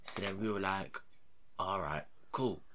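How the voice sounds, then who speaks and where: A man's voice: low voice, a little slow, a bit bright, slight background noise. A young man, telling a story in casual, slangy, rambling podcast chat. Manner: rambling, slangy, often dropping to a mutter.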